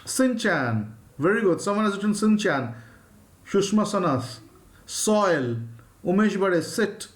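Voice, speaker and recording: A man with an Indian English accent, teaching a live phonics lesson and drawing out each sound slowly. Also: sits high, sing-song. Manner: slow, drawn-out demonstration of sounds, reading out viewers' names.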